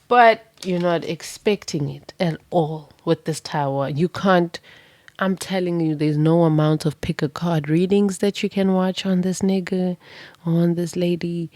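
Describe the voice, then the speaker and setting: A woman with a low, deep-set voice gives a pick-a-card tarot reading. She spins it into a vivid, dramatic story with casual swearing, and the close, dry sound has no room echo. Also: fairly even intonation, slow, a little mellow.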